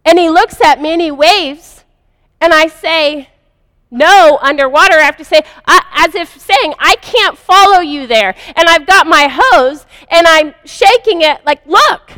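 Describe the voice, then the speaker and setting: Woman speaker, high bright voice, earnest confessional storytelling, long hall reverb. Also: normal speed. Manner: earnest, confessional, vivid retelling. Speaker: speaker sharing a personal story. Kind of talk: first-person spiritual storytelling.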